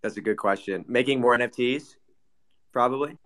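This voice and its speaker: A man hosts a loose chat with a bright, forward tone. His voice sits at a middle pitch, and he needles his guests with deadpan irony. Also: normal speed. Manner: teasing, ironic. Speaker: host. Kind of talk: casual chat.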